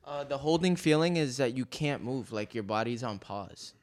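A man in casual conversation recounting his experiences, earnest and pausing often with fillers. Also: medium pitch, lively intonation. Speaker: graffiti writer in conversation. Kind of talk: casual chat.

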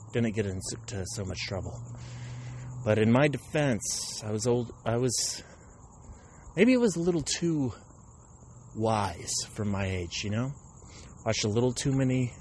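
A man's voice: medium pitch, darkish tone, slight background noise. Rambling man with an aggressive tone. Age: 30s. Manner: self-described aggressive tone, rambling with self-corrections. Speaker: stand-up comedian hosting a podcast. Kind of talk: rambling comic monologue.

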